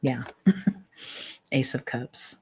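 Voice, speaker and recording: Very low, slow-spoken woman reading tarot. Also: animated, very noisy. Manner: gentle, meandering, relays spirit messages with soft laughs. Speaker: psychic tarot reader.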